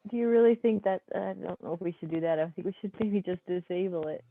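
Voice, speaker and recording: Man voicing a hesitant woman crewmate, high pitched, quick, hedging. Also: gravelly, phone-quality sound. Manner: unsure, hedging.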